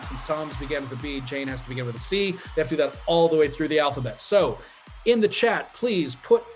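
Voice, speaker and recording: A man hosting a live online improv comedy show, explaining game rules and cueing players by name. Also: fairly high pitch.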